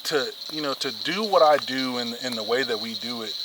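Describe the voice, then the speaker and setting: A man's voice: medium pitch, a little fast, background noise. A man hosting a fishing video channel, talking casually and filling his sentences with "you know" and "man". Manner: rambling, heavy on fillers like "you know" and "man"; upbeat greeting to viewers. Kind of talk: casual reflective talk and vlog narration.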